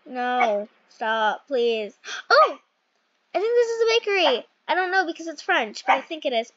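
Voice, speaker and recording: A woman's voice: high voice, very animated, measured pace, a bit bright, no echo. A young woman casually commentating a role-play game in a chatty, rambling way, often correcting herself. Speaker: gaming channel host. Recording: dull lo-fi mic.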